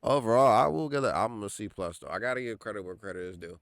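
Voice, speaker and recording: A young podcast co-host talks music in a laid-back, slangy way, saying "like" and "bro" a lot. His fairly low voice is fast, animated, creaky, and smooth, and the recording is dry.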